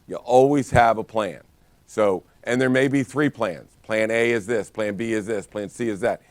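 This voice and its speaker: Brief: man, lower voice, energetic storyteller leading a sales training talk, dry close sound. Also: normal speed, dry recording. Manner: energetic storytelling with many restarts. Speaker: real estate brokerage trainer.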